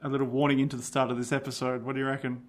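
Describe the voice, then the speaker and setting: A man's voice: mid-range voice, little pitch movement, rapid-fire. A man co-hosting a podcast, reading a book aloud and chatting with laughs. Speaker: podcast co-host. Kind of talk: casual chat and reading aloud.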